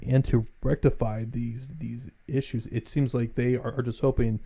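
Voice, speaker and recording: A man co-hosts a casual podcast in a mid-pitched voice with a very dark, mellow tone. He stammers and repeats words as he builds his argument. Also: flat delivery, moderate pace, slightly rough. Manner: stammering repetitions when making a point. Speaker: podcast co-host.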